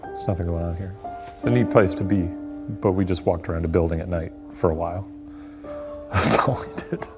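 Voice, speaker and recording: A man co-hosting a ghost hunting show, making dry, relaxed, skeptical remarks in casual commentary. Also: sits low, normal speed, long pauses, over music.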